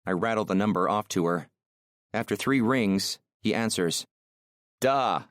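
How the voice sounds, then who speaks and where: A man narrating a romance audiobook in the first person, measured and intimate, on a close mic. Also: lowish voice, no echo.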